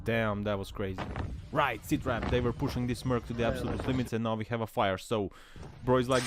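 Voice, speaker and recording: A man hosts a commentary over dashcam clips of bad drivers, laughing often and breaking into loud, excited exclamations. His voice sits at a middling pitch. The recording is a voice-over with clear car and road noise underneath. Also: a little fast. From Serbia. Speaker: host. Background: car and road sounds from the clips.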